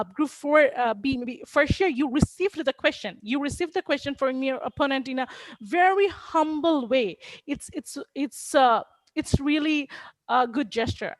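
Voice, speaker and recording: High-voiced woman judging a debate. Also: no room sound. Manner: warm and encouraging, many fillers and restarts. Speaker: debate judge. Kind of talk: judge's feedback on a debate.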